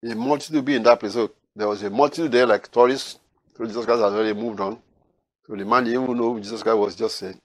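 A man preaching verse by verse through a Bible passage, acting out the people in the story and growing loud on key lines. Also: fairly low pitch, fast, dry recording. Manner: animated, acts out quoted voices with rising loudness. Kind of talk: Bible teaching.

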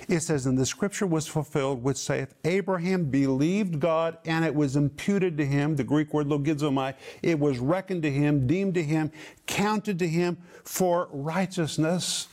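A man teaching from the Bible in a measured, emphatic way, slowing down to stress each quoted verse. His voice sits a little higher than most men's. He pauses to explain Greek words as he goes. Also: darkish tone. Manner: slow emphatic phrasing of scripture quotes.

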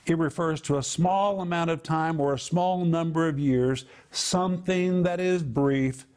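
Pria pengajar Alkitab, suara agak tinggi. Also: male voice, a little high, a little mellow. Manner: explains word meanings slowly and emphatically. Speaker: Bible teacher. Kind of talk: teaching sermon.

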